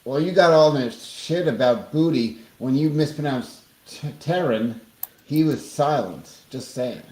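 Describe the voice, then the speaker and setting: A man's voice: mid-range voice, measured pace, a little mellow. A man co-hosting a casual podcast, giggling as he jokes. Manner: giggly, joking. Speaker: podcast co-host. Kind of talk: casual chat. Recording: echoey room, faint noise.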